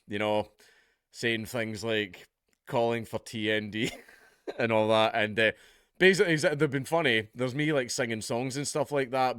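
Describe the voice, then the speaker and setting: A Scottish YouTube commentator reads out a news article and riffs on it in a chatty manner, swearing and laughing at his own jokes now and then. His voice is fairly low, smooth and fairly bright, captured in a dry, studio-quality recording.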